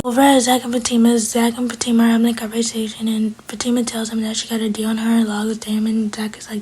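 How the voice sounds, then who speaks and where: Breathy woman host, rapid casual recap delivery. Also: fairly high pitch, little pitch movement, a little mellow, poor audio. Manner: fast breathless retelling, quoting characters in her own voice.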